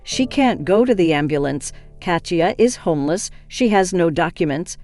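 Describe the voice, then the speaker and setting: A woman's voice: on the low side, expressive, moderate pace, darkish tone, no room sound. A woman voicing a frantic woman neighbor who begs urgently for help, in an audio story. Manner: urgent, begging. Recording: faint music behind.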